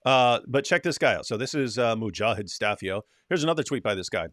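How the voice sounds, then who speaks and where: A man's voice: medium pitch, brisk, dry recording, clean studio sound. A man co-hosting a casual livestream, reading viewer comments and joking with his co-host. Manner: animated, reads viewer comments aloud with mocking voices.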